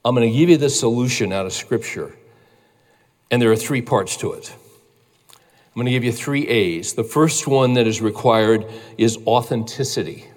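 A man's voice: mid-range voice, moderate pace. An earnest male pastor preaches to a gathered congregation, his emphatic delivery rising in force as he presses his point. His voice rings out with a long hall reverb behind it. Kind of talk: sermon.

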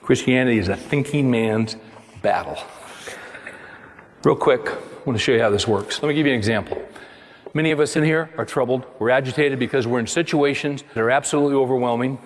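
A man's voice: brisk, a little hiss or hum. Male preacher in a reverberant hall. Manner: emphatic, rising to high exclamations. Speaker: pastor. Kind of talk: sermon.

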